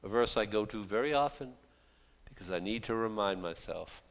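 A man's voice: on the low side, expressive, moderate pace. A male pastor preaching a sermon in a conversational, self-deprecating way, often restarting his sentences.

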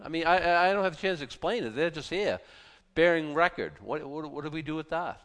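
A man's voice: fairly high pitch, sing-song, a little fast, fairly bright tone, big-room sound. A man preaching a sermon with passion and zeal, mixing in mocking asides. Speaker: pastor.

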